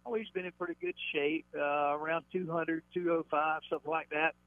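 A man of about sixty calling a radio show with a halting, filler-heavy question. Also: a little high, fairly even intonation, no room sound. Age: 60s. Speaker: caller. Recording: phone-line call.

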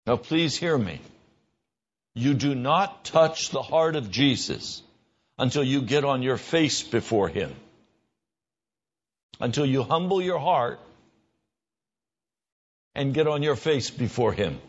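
A man preaching a sermon in an earnest voice, his pitch rising when he stresses a point or acts out a quick exchange. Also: lively intonation, lo-fi sound. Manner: earnest, rises in pitch for emphasis and mimicked dialogue.

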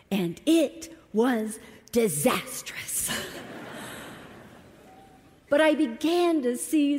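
A middle-aged woman shares a heartfelt personal story with a congregation. Her delivery is unhurried and deliberate, and she leans into key words for emphasis. The sanctuary adds a long, lingering reverb. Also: fairly high pitch, a little mellow. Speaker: guest speaker at a church service. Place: church sanctuary. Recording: long hall reverb from a church.

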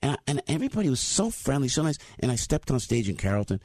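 A man in his sixties with a New Jersey accent, telling stories in an animated monologue as a talk show host. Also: medium pitch, fast talker, no echo, studio quality. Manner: animated, acts out voices. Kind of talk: storytelling monologue.

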